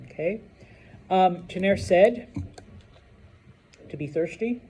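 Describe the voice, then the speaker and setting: A man teaching a Spanish class in a classroom, chatty and relaxed, checking in with "okay?" again and again. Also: fairly high pitch, takes it slowly. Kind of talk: classroom lesson.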